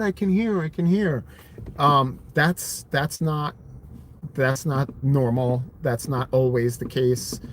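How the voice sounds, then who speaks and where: A man in his thirties with a medium-pitched, darkish voice talks casually on a live stream about his own hearing story. He rambles, using lots of fillers and restarting his sentences.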